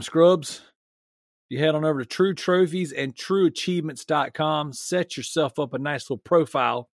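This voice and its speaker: A man's voice: on the high side, no room sound, studio quality. A man co-hosting a podcast, teasing a friend in loose, joking banter. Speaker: podcast co-host.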